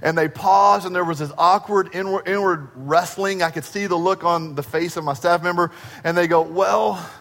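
Pastor, male, high voice, storytelling sermon delivery, long church reverb. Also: steady tone, moderate pace. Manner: storytelling, acts out dialogue with shifts in pace and loudness.

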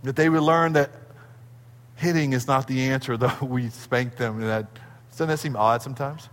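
A middle-aged man preaching a sermon as a pastor, telling stories in an animated way. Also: moderate pace. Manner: animated storytelling, acting out his children in high squeals. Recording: long hall reverb.

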